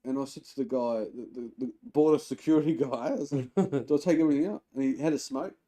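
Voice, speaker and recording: A man co-hosting a podcast in casual chat, telling a story with excitable repetition. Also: medium pitch, fast, very noisy. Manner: excitable, repeats himself while telling a story. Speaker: podcast co-host.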